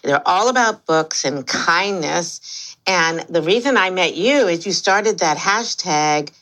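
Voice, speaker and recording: An older woman hosts a podcast in a bubbly, easy way, laughing often. Her voice sits a little low for a woman. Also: animated, slow pace, fairly bright tone. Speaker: podcast host. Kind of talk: casual podcast chat.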